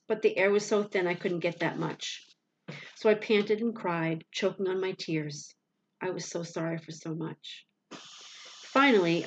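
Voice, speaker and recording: A woman reading a first-person audiobook aloud, expressive and dramatic, with loud cries in the dialogue. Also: fairly low pitch, dull audio. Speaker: audiobook reader.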